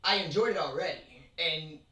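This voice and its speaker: Excitable rambling host in a roomy bedroom. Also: mid-range voice, normal speed. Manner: rambling and excitable, jokes and asides. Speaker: channel host. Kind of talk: casual manga chat. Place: own bedroom. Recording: roomy, from far off.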